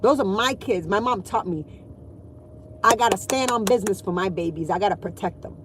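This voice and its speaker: A woman's voice: mid-range voice, fairly quick, slight background noise. A woman in her forties talking candidly and emotionally in a casual vlog from inside her car, swearing freely. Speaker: vlogger.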